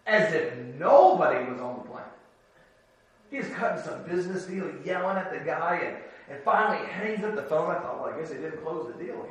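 Homem pregando num salão com eco, distante. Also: male voice, a little high. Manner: swings from soft asides to shouted exclamations, storytelling with humor. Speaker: preacher. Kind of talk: sermon. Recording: echoey hall, from far off.

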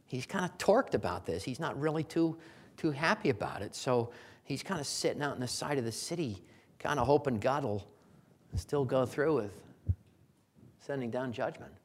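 Lively, folksy preacher building to loud emphasis. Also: male voice, mid-range voice, moderate pace. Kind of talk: sermon.

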